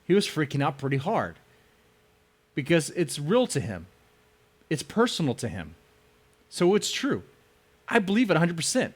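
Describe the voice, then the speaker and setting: A man's voice: on the high side, moderate pace, breathy edge. A man hosting a live stream, mocking the people in a heated debate with sarcastic commentary. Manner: sarcastic, mock voices, lively swings in tone. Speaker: stream host reacting to a debate.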